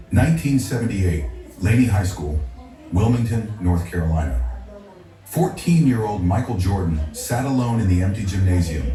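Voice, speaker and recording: A man narrating a scripted story in a steady, dramatic way. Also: low voice. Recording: echoey, distant, faint music.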